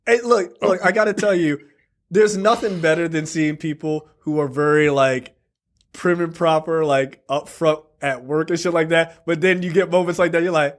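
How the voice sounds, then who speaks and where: A man's voice: on the high side, fairly even intonation, normal speed. A man co-hosting a podcast in casual chat, laid-back and profane, laughing often as he talks. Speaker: podcast co-host.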